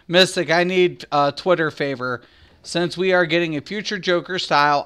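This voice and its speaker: A man streaming a game, chatting casually and excitedly with his viewers, with lots of restarts and fillers. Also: fairly high pitch, clear, resonant tone. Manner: rambling, excitable, talks back to chat. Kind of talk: casual live-stream chat.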